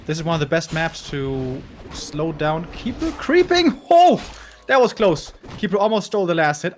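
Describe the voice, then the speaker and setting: A man calls a strategy game match with a lively, bouncing delivery that rises and falls a lot. He sits a little high in pitch for a man and keeps things chatty, laughing easily between plays. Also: slight background noise. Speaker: esports caster. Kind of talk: casual game commentary.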